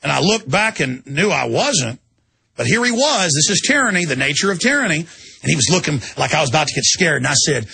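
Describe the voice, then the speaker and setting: Radio host, male, gravelly and husky, bright edge, indignant rant. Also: a little high, sing-song, fairly quick. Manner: indignant, acts out quotes in shifting voices. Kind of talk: ranting radio monologue.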